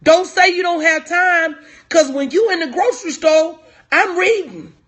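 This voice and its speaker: Speaking at a measured pace in a very high, slightly bright voice, a woman life coach motivates her live stream audience. She calls on chat viewers by name and repeats lines for emphasis.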